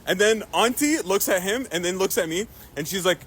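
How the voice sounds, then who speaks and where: A man telling a comic story in an animated way, laughing often and using many fillers. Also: high voice, brisk, a little hiss or hum.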